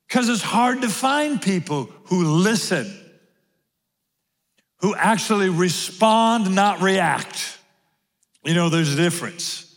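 A high-pitched male pastor preaching slowly and deliberately, leaning on repeated phrases to drive his points home. His voice carries a long reverb from a large hall. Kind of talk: sermon. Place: large room with audience.

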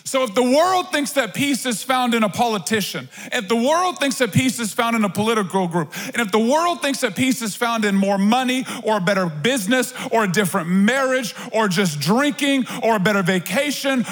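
A man with a very high voice preaches to his congregation, mixing plain talk with playful asides. His words ring out with a long reverb in a church hall. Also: expressive, normal speed, few pauses, a bit bright. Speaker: pastor. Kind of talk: sermon.

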